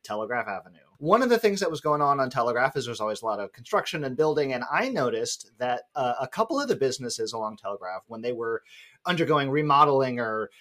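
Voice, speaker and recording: A man's voice: medium pitch, fast. A man co-hosting a quiz podcast, telling a long casual story and acting out his own past remarks. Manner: rambling, animated quoting of himself. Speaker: podcast co-host.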